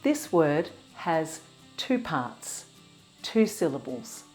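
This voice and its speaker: Brief: woman teacher, slightly low pitch, very slow, clear careful enunciation for beginners. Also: very animated, a little mellow, soft background music. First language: English. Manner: clear, careful enunciation, sounds broken into parts. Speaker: English teacher. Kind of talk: slow pronunciation lesson for beginners.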